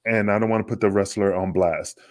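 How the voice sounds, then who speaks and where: Casual podcast co-host, low dry voice, rambling storyteller, male. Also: fairly quick, no room sound. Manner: rambling, animated storytelling with acted quotes. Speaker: podcast co-host, former wrestler.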